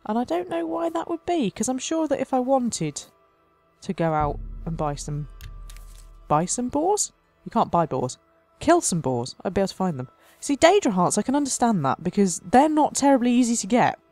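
A woman's voice: fairly high pitch, big pitch swings, moderate pace, a little mellow, no room sound, soft background music. A woman hosting a let's play, commenting on the game in a playful mock-dramatic way and laughing often. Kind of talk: gameplay commentary.

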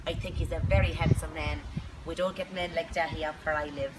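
A woman's voice: low-pitched, fairly even intonation, brisk, lightly acted. Woman playing a prim farm girl, west of Ireland accent, earnest, distant mic, noisy background. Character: shy, churchy young farm girl from Connemara.

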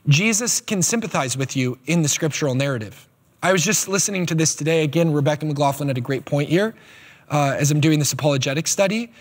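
Husky high-voiced male preacher in reverb. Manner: animated, emphatic preaching with quick asides. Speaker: pastor. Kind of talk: sermon. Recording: long hall reverb.

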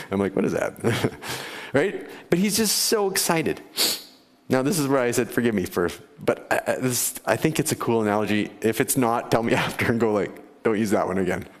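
Man, pastor, low voice, relaxed chatty sermon, frequent chuckles, questions to the pews, long church reverb. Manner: conversational, laughs often, asks the congregation questions. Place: church sanctuary.

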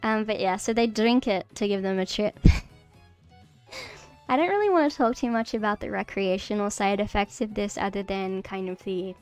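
A woman's voice: medium pitch, normal speed, a little mellow, clean tone. Giggly, rambling woman streamer. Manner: giggly, rambling, many fillers and restarts; nervous. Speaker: streamer teaching mycology. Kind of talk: casual livestream lesson. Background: faint background music.

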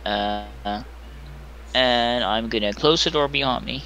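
A man's voice: mid-range voice, unhurried, very noisy. A man playing a tabletop game over online voice chat, talking in a wry, offhand way. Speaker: player.

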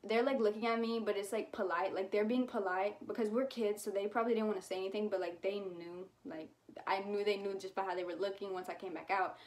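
A young woman talking straight to her viewers in a relaxed vlog, her pitch sitting in an ordinary middle range. She rambles along casually, dropping "like" every few words and slipping into slang. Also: fast talker. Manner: chatty, lots of "like" fillers, slangy. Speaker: YouTuber.

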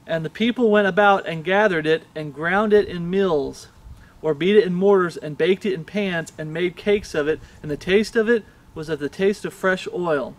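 A man's voice: sits high, normal speed. A male pastor preaching a sermon with passion, reading scripture aloud and pressing the listeners with rhetorical questions.

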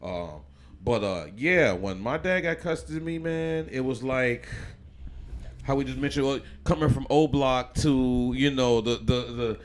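In a relaxed interview, a Chicago man appearing on a podcast recounts his life, rambling and restarting often with lots of fillers. His voice is medium-pitched and a little slow.

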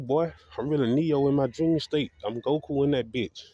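A man's voice: medium pitch, normal speed, mellow, breathy edge, no echo, lo-fi sound. A man delivering a profane, defiant, repetitive rant to camera as a video blogger. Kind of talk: ranting monologue to camera.

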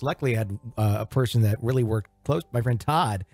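A man's voice: mid-range voice, normal speed, a little mellow, no room sound, faint music behind. A man hosting a podcast in casual chat, joking and mimicking radio DJs. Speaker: podcast host.

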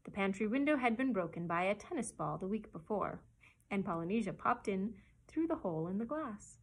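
Husky-voiced woman reading aloud. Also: mid-range voice, expressive, brisk, rough recording. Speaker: children's librarian. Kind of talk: reading a chapter book aloud.

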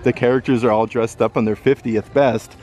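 An upbeat man walks through a store filming a casual shopping vlog. His voice sits at an ordinary middle pitch and stays enthusiastic as he points things out. It is picked up by a handheld camera. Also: steady tone, fairly quick, a little mellow. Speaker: vlogger. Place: indoor retail store.

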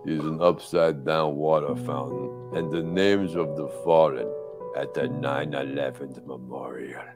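A man voicing a solemn male movie narrator, slow and overly grave, with guitar music behind. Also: extremely low pitch, fairly even intonation, vocal fry, pitched below the performer's own voice, full character voice. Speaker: film narrator. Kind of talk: mock-dramatic movie narration.

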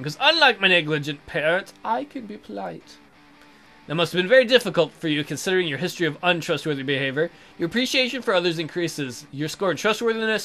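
Reading game text out loud during a let's play, this young man adds crude, sarcastic remarks and occasionally yells without warning. His voice sits on the higher side.

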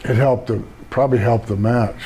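A man's voice: mid-range voice, steady tone, moderate pace, noisy background. An older man, a retired pro wrestler, telling rambling laid-back stories in a casual interview and laughing at his own jokes.

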